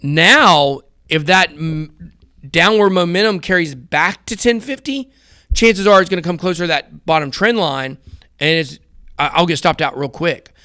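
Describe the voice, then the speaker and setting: A man's voice: fairly high pitch, measured pace, bright, forceful tone, smooth, no echo. Chatty man talking through charts. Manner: rambling, conversational, addresses viewers as guys. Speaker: crypto trading show host. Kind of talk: casual chart commentary.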